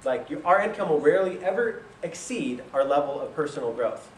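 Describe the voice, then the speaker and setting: A man's voice: fairly high pitch, brisk, a little hiss or hum. A young man telling a story in a casual way, laughing often and acting out what other people said. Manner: animated, laughs often, quotes people in voices. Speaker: speaker telling his business story. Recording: roomy echo from a distant mic.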